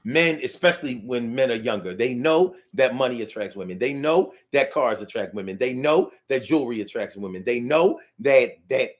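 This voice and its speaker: A middle-aged man hosting a casual live talk show, reading viewer comments aloud in an animated, playful way that swings from low drawls to loud bursts. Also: normal speed, hardly any pauses.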